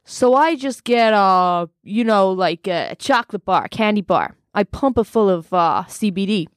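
A woman's voice: medium pitch, animated, measured pace, clean tone, no echo, studio quality, natural voice. A woman playing a brash, boastful American male self-help mentor who rambles with many fillers. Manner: rambling, cocky, full of fillers. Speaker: studio guest. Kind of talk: improvised comedy role-play.

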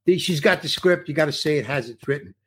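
A man's voice: a little high, quick pace, fairly bright tone, slightly rough. A middle-aged actor telling a story from a film set in casual conversation, acting out the other people's lines as he goes. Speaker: actor guest. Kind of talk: conversational anecdote.

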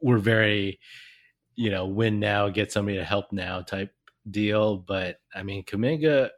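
A man co-hosting a casual sports podcast, excitable, laughing often and restarting his sentences. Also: lowish voice, a little slow. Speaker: podcast co-host.

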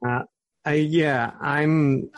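A man's voice: a little high, fairly even intonation, extremely slow. A man from Northern Ireland with a Belfast accent, talking as an academic guest on a podcast, often restarting his sentences. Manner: hesitant, many restarts. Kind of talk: conversational interview.

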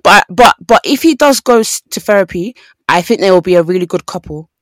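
Brief: young woman, podcast co-host, lively storyteller who acts out quotes, dry close sound. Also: medium pitch, a little fast, no room sound. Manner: animated storytelling with voiced quotes. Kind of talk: casual chat.

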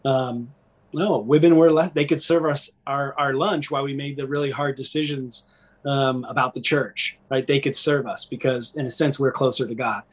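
A middle-aged man and former pastor talking candidly as a podcast guest, earnest and animated, often checking in with "right?". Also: mid-range voice, normal speed, husky. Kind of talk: candid conversational interview.

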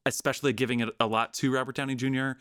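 A man hosting a podcast, talking about films in a rambling, animated way with many restarts. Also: mid-range voice, very fast, dry recording. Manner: rambling, animated, self-interrupting. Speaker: podcast host. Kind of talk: casual film discussion.

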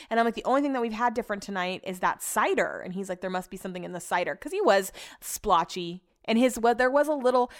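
A woman's voice: mid-range voice, a little fast, hardly any pauses. A young woman casually telling viewers a funny story, chatty, laughing often and swearing freely. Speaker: vlogger.

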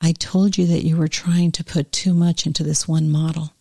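A woman reading aloud as a gentle, doubting female angel, in a soft, hushed manner. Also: deep voice, little pitch movement, moderate pace, no echo, clean studio sound. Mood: doubtful.

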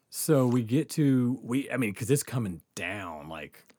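A man's voice: mid-range voice, slow, dry recording, clean studio sound. A man telling a casual story on a podcast, full of fillers, swearing and laughter. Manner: animated, laughs often, lots of fillers and swearing.

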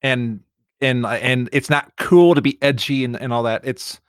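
A man's voice: medium pitch, fairly even intonation, unhurried, smooth, dry recording, clean studio sound. A man filling in as co-host in a casual podcast chat, stammering and repeating words as he goes.

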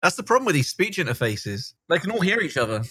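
A middle-aged man talking easily as a podcast guest, with many fillers and pauses. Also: a little high, very animated, bright, forceful tone, slightly rough, dry recording, clean studio sound. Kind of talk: casual podcast interview.

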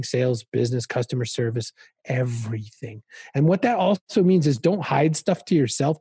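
A man speaking as a podcast guest in a casual conversation, telling stories with quick, animated asides. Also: mid-range voice, slightly rough, dry recording, studio quality.

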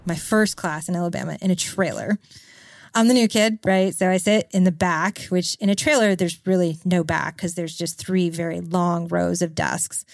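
A woman's voice: on the low side, fairly even intonation, normal speed, gravelly, dry recording. A woman telling an amused childhood story as an interview guest. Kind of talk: casual storytelling.

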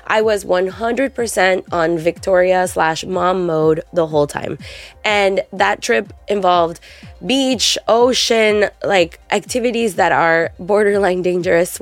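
Woman, podcast co-host, gravelly edge, dry close sound, animated storytelling, casual chat. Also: lowish voice, dry recording. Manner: animated storyteller, lots of fillers.

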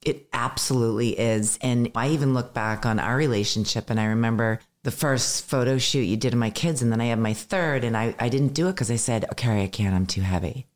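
A woman comedian in her fifties, talking as a guest in a relaxed interview. She tells candid, self-deprecating stories and often stumbles over the start of a sentence before pushing on. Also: very deep voice, brisk, few pauses. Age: 50s. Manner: candid, self-deprecating storytelling with stammered restarts. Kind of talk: casual interview chat.

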